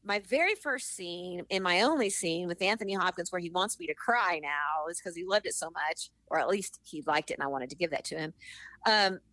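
A middle-aged woman, an actress and author, telling animated stories in an interview and acting out the people she quotes. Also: fairly low pitch, brisk, dry recording. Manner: animated storyteller, acts out quotes. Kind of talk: interview conversation.

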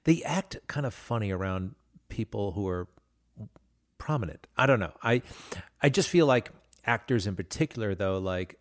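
A man hosting an interview, rambling and searching for words as he asks a question. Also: fairly low pitch. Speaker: interview host. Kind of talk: interview conversation.

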